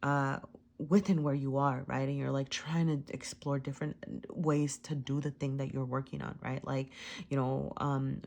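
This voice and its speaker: Tarot reader, woman, deep low voice, loose and rambling, laughs and apologizes a lot. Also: a little fast, darkish tone. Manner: rambling, heavy on fillers and "right?". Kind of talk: casual tarot reading. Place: at home with a cat.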